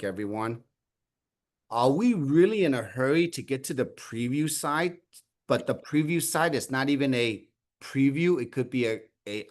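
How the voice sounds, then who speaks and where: A man leading a sales training on a video call, asking his team rhetorical questions and acting out sample conversations. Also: medium pitch. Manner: animated, asks many rhetorical questions, acts out sample conversations. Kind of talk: coaching on a group call, calling on people by name.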